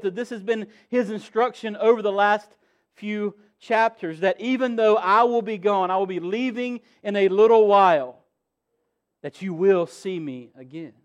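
A man's voice: sits high, normal speed, clear, resonant tone. A man in his thirties preaching a sermon as pastor, earnest, repeating key phrases and building emphasis.

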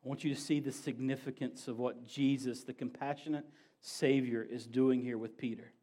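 A man preaching a sermon as pastor, building to emphatic raised passages and dropping to quiet low asides. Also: steady tone, normal speed.

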